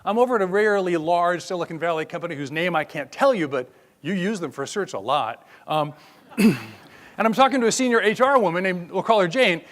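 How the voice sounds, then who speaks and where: Older male keynote speaker, high-pitched, chatty and wry, live on a stage mic. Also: fairly quick. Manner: animated, joking, conversational. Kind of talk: conference keynote. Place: conference hall stage.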